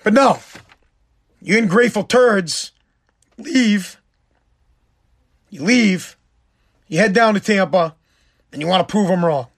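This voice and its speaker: A man's voice: high-pitched, slow pace, pauses often. A man delivering a heated, profane, sarcastic sports rant. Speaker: sports commentator. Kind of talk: ranting sports monologue.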